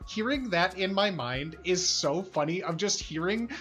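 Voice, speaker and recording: Young guy hosting a stream, rambly, lots of likes and ums, kinda high voice. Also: unhurried, few pauses, soft background music. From Chicago. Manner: rambling, filler-heavy, excitable. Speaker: stream host interviewing a guest. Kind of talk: casual chat.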